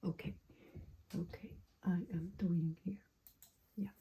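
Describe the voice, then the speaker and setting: A woman casually demoing a new microphone, drifting between quiet speech and whispers. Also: on the low side, steady tone, takes it slowly, breathy edge, muffled recording. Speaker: vlogger unboxing and testing a microphone. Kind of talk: casual demo with soft whispering. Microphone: testing a new desktop microphone.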